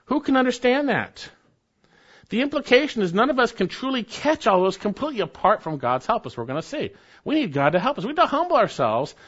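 Preacher, male, earnest and emphatic; muffled lo-fi recording. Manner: earnest, emphatic, drops to soft low phrase endings. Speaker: pastor. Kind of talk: expository sermon. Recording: dull lo-fi recording.

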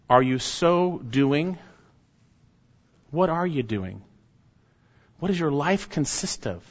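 A mid-pitched man delivers a sermon with urgent emphasis, swinging from forceful declarations to hushed warnings. His voice rings with a long reverb as if filling a large church hall. The recording sounds dull and slightly muffled. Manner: emphatic, urgent, with sharp rises and hushed drops. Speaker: preacher.

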